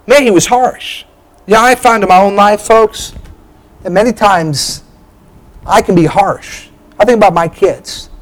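A man's voice: high-pitched, unhurried, rough recording. A pastor, a man, preaching a sermon with emphatic bursts, frequent restarts and direct appeals to the congregation.

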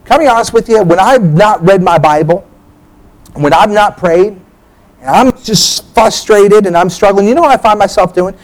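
A man's voice: high voice, normal speed, poor audio. A pastor, a man, preaching a sermon with emphatic bursts, frequent restarts and direct appeals to the congregation.

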